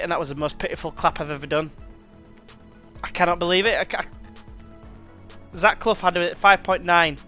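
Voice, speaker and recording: Playing a football management game, a young let's play gamer chats and calls the action play-by-play in a slangy, casual way. His voice is fairly high, bright, and forceful.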